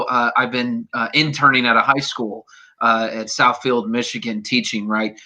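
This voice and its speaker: A man talking fast and heatedly as a guest in a political chat, emphatic and casually swearing. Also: medium pitch, little pitch movement, bright, forceful tone. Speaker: guest, teacher intern.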